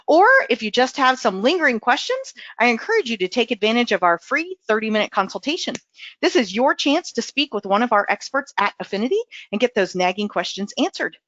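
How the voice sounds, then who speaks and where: A woman's voice: fairly high pitch, a bit bright, dry recording. A woman hosting a webinar who sounds upbeat and enthusiastic as she wraps up the session. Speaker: webinar host. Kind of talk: webinar wrap-up announcement. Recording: dull lo-fi webinar audio, dry.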